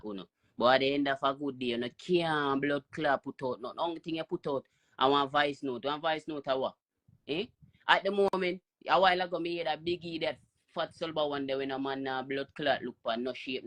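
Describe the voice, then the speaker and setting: A Jamaican man taunting and ranting loudly on a live stream. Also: medium pitch, brisk. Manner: loud, taunting, repetitive. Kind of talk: heated live stream rant.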